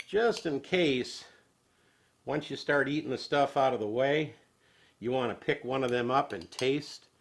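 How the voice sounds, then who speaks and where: A man hosting a home cooking show, chatting in a homespun, folksy way and chuckling as he goes. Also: mid-range voice.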